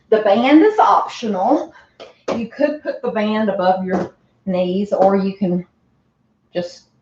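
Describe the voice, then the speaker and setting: A woman's voice: medium pitch, a little hiss or hum. A woman leading a home workout class, chatty and encouraging, out of breath. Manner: encouraging, chatty, laughs often. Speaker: fitness instructor. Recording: roomy, distant, dull home recording.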